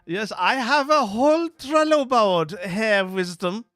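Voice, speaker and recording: A prim, over-formal German woman with a heavy mock German accent, as a man puts her on. The voice sits well above his usual pitch and sounds close and dry. Stiff, pompous phrasing throughout. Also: expressive, takes it slowly, a bit bright, dry recording, soft background music, heavily acted. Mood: smug.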